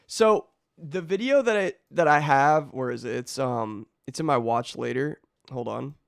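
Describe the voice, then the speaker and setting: A young man streaming, his voice hoarse and nearly worn out. He rambles in slangy casual chat and keeps breaking off mid-sentence. The sound is dry and close to the mic, pitched a touch high. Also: no room sound. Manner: rambling, slangy, self-interrupting.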